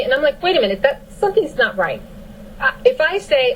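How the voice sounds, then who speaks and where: Woman guest, higher voice, emphatic storyteller, slight noise under the voice. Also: wildly swooping pitch, brisk, lo-fi sound. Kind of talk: casual storytelling.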